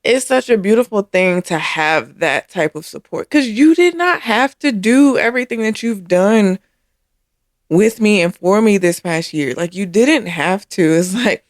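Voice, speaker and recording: A woman's voice: medium pitch, animated, unhurried, dry recording, clean studio sound. A woman in casual chat with her husband, tearful and emotional, repeating herself as her voice breaks. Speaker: co-host of a couples channel.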